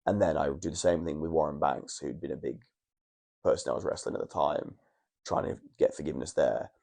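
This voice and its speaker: A man's voice: extremely low pitch, a little fast, gravelly, warm tone. A young man, a wrestler, telling long stories in a casual podcast chat in a hotel room, with restarts and swearing. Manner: rambling storytelling, frequent restarts and swearing.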